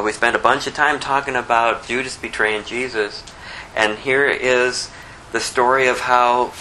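A man's voice: mid-range voice, sharp tone, a little hiss or hum, low-quality recording. A man giving a conversational, verse-by-verse Bible teaching, reading scripture aloud and explaining it in plain words, with a slight lisp. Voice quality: says he has a lisp. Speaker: pastor.

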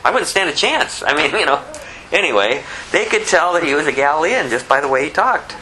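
A man's voice: a little high, big pitch swings, a little fast, pushed and bright, slight background noise, poor audio. A man giving a conversational, verse-by-verse Bible teaching, reading scripture aloud and explaining it in plain words, with a slight lisp. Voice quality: says he has a lisp. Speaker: pastor.

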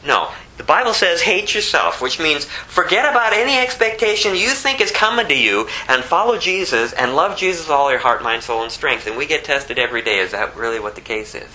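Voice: mid-range voice, animated, brisk, hardly any pauses, pushed and bright, rough recording. An American preacher delivering a sermon in an emphatic way, full of rhetorical questions. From United States.

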